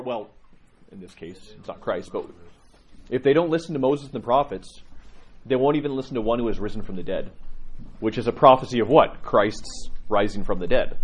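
A man teaching and telling stories in a lively way, acting out the people's lines as he speaks. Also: medium pitch, slightly rough. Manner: animated storytelling, acts out dialogue.

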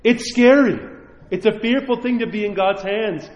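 A man's voice: sits high, moderate pace, echoey room, big-room sound, lo-fi sound. A middle-aged man preaching a sermon as a priest, impassioned and pleading, acting out the voices he quotes.

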